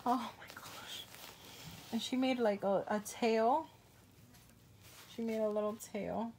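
A woman's voice: mid-range voice, steady tone, moderate pace, noisy background. A woman vlogger in casual unboxing chat at home, gushing and exclaiming often, trailing off mid-sentence. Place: home with a pet bird.

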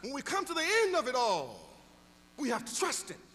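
High, lively storytelling preacher man. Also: normal speed, long reverb tail. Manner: storytelling preacher, rising to emphatic exhortation. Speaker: pastor. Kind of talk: sermon.

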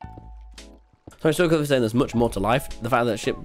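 A man's voice: medium pitch, a little slow, soft background music. A young man streaming a game, talking in a chaotic, cheeky way, swearing freely and often laughing. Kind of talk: casual gaming livestream commentary.

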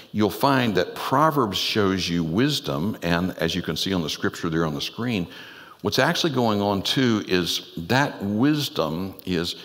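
Low-voiced guy preaching a sermon, chatty and earnest, echo of a big church hall. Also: fairly bright tone. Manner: earnest, conversational preaching with rhetorical questions. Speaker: pastor. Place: church sanctuary. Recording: long church hall reverb.

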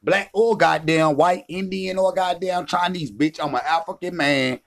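Male vlogger, slightly high voice, angry profane rant full of taunts. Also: normal speed, creaky. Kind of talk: confrontational rant.

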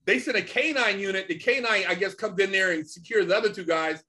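A man's voice: high-pitched, fast talker, pushed and bright. A man, a podcast guest, telling a story in a casual, slangy way, full of "man" and "you know".

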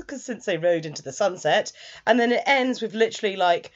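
A woman casually recapping and reviewing an anime, chatty, with quick asides. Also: mid-range voice, expressive. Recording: dull lo-fi sound.

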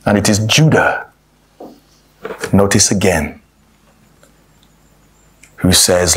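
A man's voice: low-pitched, takes it slowly, long pauses, a bit bright, breathy edge. A man giving a sermon-style Bible talk, addressing the congregation as brothers and sisters and reading scripture aloud, often restarting his words.

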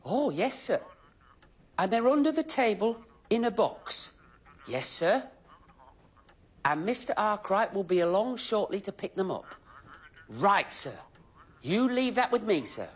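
A chirpy, fussy station helper. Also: male voice, sits high, big pitch swings, measured pace, pauses often, slightly rough, full character voice. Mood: cheerful. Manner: chatty, talks to himself, very polite. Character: cheerful, fussy, eager-to-please male station helper. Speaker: children's show presenter. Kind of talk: scripted children's TV acting.

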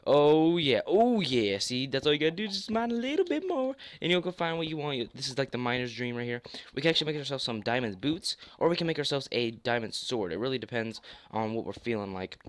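A young man giving live gameplay commentary, hoarse with a worn-out voice, excitable, repeating phrases and yelping as he plays. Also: mid-range voice, fast, dry recording. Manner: excitable, repeats phrases, yelps and laughs mid-sentence. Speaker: gaming YouTuber.

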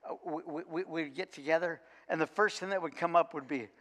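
A man, a coach, giving a sermon in a church and telling a lively, funny story with frequent restarts. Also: fairly high pitch, a little fast. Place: church sanctuary. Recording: long church reverb.

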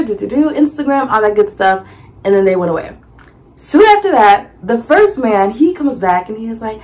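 A young woman vlogger casually recounting her vendor experience, acting out conversations with animated voices and frequent laughter. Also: normal speed. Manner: animated, acts out dialogue with big pitch jumps and laughs. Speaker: vlogger and small business owner. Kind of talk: casual storytelling recap.

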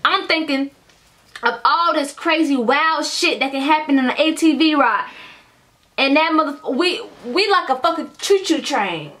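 A young adult woman vlogging casually, telling a storytime full of cursing and talking straight to her viewers as y'all. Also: sits high. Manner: animated, profane storytelling, addresses viewers as y'all.

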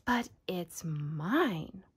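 Pouty selfish bird lady, a bit higher and husky, whines and huffs, woman reading her in a storybook. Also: sing-song, very slow, exaggerated voice. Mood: indignant. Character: lazy, flighty, selfish female bird.

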